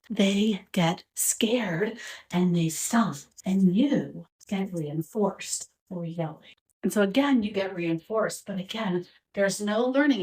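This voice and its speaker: Animated woman explaining parenting. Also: medium pitch, rough recording. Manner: animated, addresses the viewer as "dear parent". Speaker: parenting educator. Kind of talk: explanatory talk to camera.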